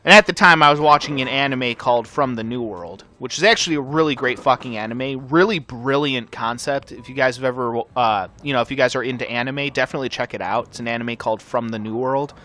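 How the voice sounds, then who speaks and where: A young man hosting a gaming channel, telling a rambling, profane story over gameplay in a casual, animated way. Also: mid-range voice, quick pace, hardly any pauses.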